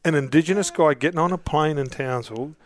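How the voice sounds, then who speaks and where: A man's voice: fairly high pitch, fast talker, slight background noise. Rambling Australian man telling footy stories. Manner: rambling anecdotes with many restarts. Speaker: interview guest. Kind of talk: casual storytelling.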